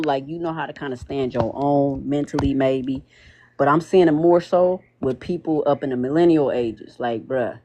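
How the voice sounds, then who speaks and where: A man's voice: fairly high pitch, a little mellow. A man, hosting a podcast panel in loose, joking livestream banter. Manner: loose, joking, slangy, quick laughs.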